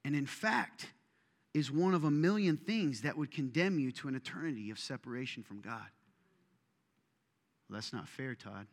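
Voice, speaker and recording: A man preaching a sermon, animated and joking, with self-deprecating asides, in a church auditorium. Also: fairly high pitch, normal speed. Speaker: pastor. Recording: long reverb of a large hall.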